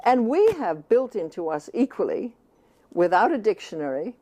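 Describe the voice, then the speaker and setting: A woman's voice: mid-range voice, sing-song, normal speed, mellow. An older woman from the United States, an author giving an earnest, emphatic talk and often speaking as if she were the baby. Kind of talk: reflective talk on child rearing.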